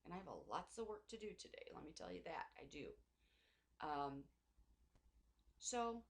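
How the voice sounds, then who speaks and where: Middle-aged woman, personal faith vlogger; rambling, emotional delivery, slightly low voice. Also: very animated, moderate pace, gravelly. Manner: rambling, emotional, many restarts and asides. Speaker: Christian vlogger. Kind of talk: personal faith vlog monologue.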